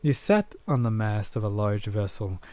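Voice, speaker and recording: A man reading a story aloud to his stream chat in a soft-spoken, unhurried way on a close mic. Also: fairly low pitch, animated, no room sound.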